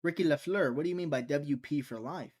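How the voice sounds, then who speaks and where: A young Mississippi native talks a little fast in a fairly high-pitched voice with a darkish tone. He rambles and kids around on a casual live stream, voicing the chat's messages aloud and answering them.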